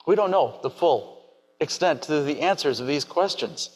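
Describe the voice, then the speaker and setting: Higher-voiced preacher in a reverberant church. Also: male voice, expressive, darkish tone. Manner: measured, questioning delivery. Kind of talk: sermon.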